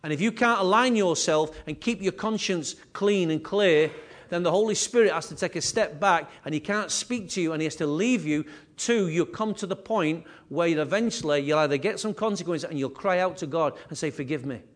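A man preaching a sermon as pastor, animated and repetitive, with conversational asides. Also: a little high, fairly quick, few pauses. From England.

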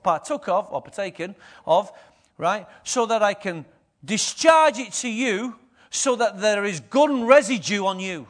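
A man's voice: high voice, expressive, measured pace, a bit bright. A middle-aged man, preaching a conversational sermon and often asking the congregation questions. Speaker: pastor.

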